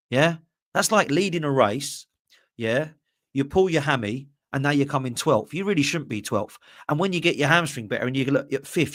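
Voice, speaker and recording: A man's voice: mid-range voice, animated, brisk, a bit bright, no echo, studio quality. A man, hosting a live fan podcast and ranting passionately while reading out viewer messages. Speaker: podcast host. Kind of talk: live-stream fan rant, reading super chats.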